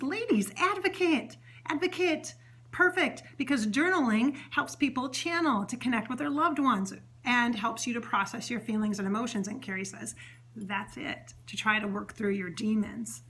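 Hosting an unscripted channeling session, this woman drifts through a chatty monologue packed with "um," "you know," and false starts. Her mid-range voice is bright, forward and slightly rough, and she stays sincere and warm as she passes along the spirit's supposed messages.

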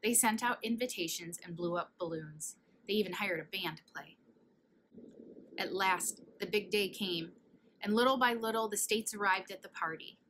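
A woman's voice: medium pitch, normal speed, a little hiss or hum, rough recording. Playful woman reading a storybook aloud. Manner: animated, playful, with hushed asides. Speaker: storybook reader. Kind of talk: children's read-aloud.

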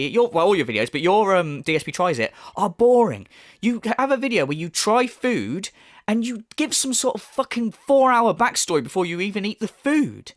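A man ranting in mocking, sweary YouTube commentary. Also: sits high. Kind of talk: casual rant commentary.

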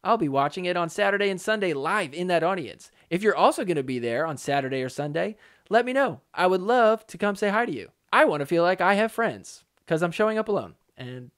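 A man's voice: high voice, lively intonation, a little fast, fairly bright tone. A man hosting a solo pickleball commentary podcast, talking casually and joking around. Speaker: podcast host.

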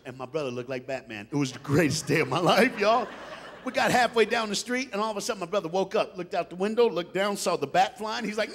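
Animated, gravelly preacher with a high voice. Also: male voice, a little fast, a little hiss or hum. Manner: animated, laughing, playful. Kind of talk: comic sermon storytelling.

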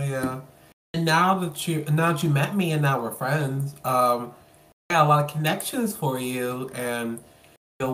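A podcast host interviewing a guest over a call, playful and effusive, cracking jokes and gushing. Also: mid-range voice.

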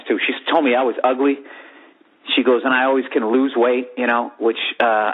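A man in his forties telling a profane, comedic story on his podcast and acting out the other people in it. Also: medium pitch. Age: 40s. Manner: profane, animated, acts out voices in the story. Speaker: podcast host. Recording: tinny phone-like sound.

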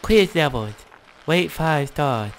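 A man's voice: a little high, expressive, takes it slowly, a little hiss or hum. A man putting on a goofy announcer voice to read game level titles aloud during gaming commentary. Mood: mock-formal.

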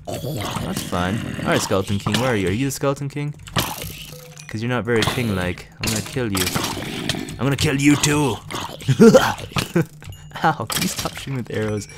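A man's voice: on the low side, very noisy. A man giving playful let's play commentary, giggling and chatting to the characters on screen. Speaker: gaming channel host.

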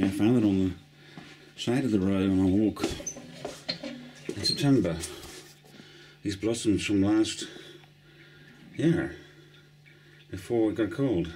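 Middle-aged south african guy rambling slow to his camera, lowish voice, faint hiss behind. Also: darkish tone. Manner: meandering, self-mocking, chatty. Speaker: vlogger. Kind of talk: rambling casual vlog. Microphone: handheld camera mic.

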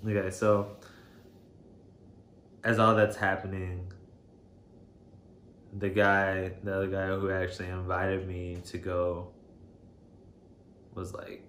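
A man telling a personal story to camera, shaken and emotional, halting and hesitant with many fillers. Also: deep voice, completely flat delivery, a bit bright. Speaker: vlogger. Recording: roomy echo, faint background noise.

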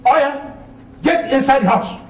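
A man's voice: very high-pitched, expressive, measured pace, echoey room. A man playing an indignant father who barks orders at a suitor in a comedy film. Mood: angry. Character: stern angry father chasing off a suitor. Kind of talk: Nollywood comedy film acting.

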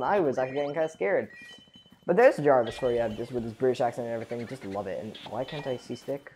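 A woman giving chatty, excitable gameplay commentary as a let's play host. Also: rumbling low, fast talker, soft background music.

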